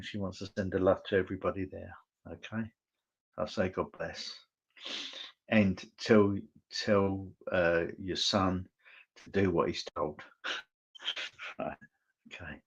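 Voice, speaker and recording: A deep-voiced man works as a medium in an online church service, passing on messages in a slow, unhurried way. He pauses often and keeps checking in with his listener in a gentle, reassuring tone. The sound is dull and lo-fi, like an online stream. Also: husky. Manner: halting and hesitant, checking in with "okay?". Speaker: spiritualist medium.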